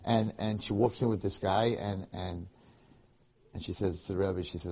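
A man giving a Torah lecture, telling a story in an animated way that restarts and repeats phrases often. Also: deep voice, moderate pace, breathy edge.

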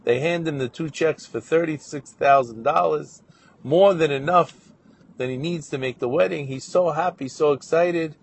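Gravelly, husky male storyteller. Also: on the high side, normal speed. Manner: animated narration with voiced quotes. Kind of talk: storytelling sermon.

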